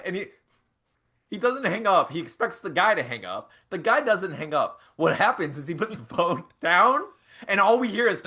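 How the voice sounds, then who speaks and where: A man hosting a podcast, telling a casual story in an animated way with frequent chuckles and restarts. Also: high-pitched, unhurried. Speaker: podcast host.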